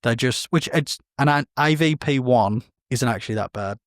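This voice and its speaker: A man's voice: mid-range voice, normal speed, dry recording, clean studio sound. A man, co-hosting a podcast and chatting casually about film news in a rambling, self-correcting way. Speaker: podcast co-host.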